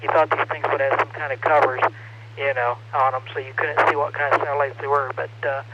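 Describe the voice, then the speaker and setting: A man on an amateur radio net, chatting casually in a relaxed, hesitant way with many fillers. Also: medium pitch, fast talker. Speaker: ham radio net participant. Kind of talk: casual on-air chat over radio. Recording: muffled radio audio with loud static.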